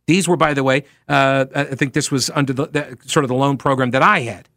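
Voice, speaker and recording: A man's voice: medium pitch, fairly even intonation, fairly quick, few pauses, sharp tone, no room sound, studio quality. A man with a slightly nasal voice and a Long Island accent, talking as a radio talk show host in a chatty, rambling way with wry asides. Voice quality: a little nasal. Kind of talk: casual talk radio monologue. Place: radio studio. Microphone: studio microphone.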